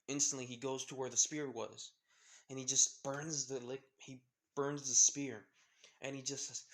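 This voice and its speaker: A man narrating an improvised fan story in a mid-pitched voice. He rambles, restarts often and keeps linking scenes with loose fillers. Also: little pitch movement, normal speed, a bit bright. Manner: rambling, heavy use of "with, of course" and restarts.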